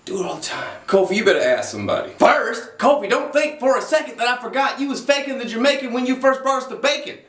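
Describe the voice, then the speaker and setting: A man doing comedic roast commentary in an animated, profane, mocking way. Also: very high-pitched, quick pace, few pauses, reverberant, far from the mic. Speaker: comedy video creator.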